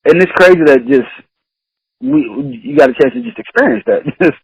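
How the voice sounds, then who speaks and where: A man on a casual podcast with a lively, bouncing delivery that climbs up and down as he tells stories. His voice is slightly husky and sits a touch high for a man. The sound is dry and close, with no room around it. He laughs often, swears freely and slips into the voices of the people he describes. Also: normal speed, dry recording, dull audio. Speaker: podcast host.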